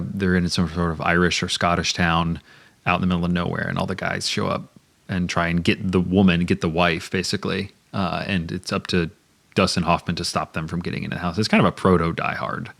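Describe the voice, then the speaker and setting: A man with a very low, gravelly voice co-hosts a storytelling podcast. He talks in a relaxed, casual way, often trailing off as he searches for things online while brainstorming a story. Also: quick pace. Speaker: podcast co-host.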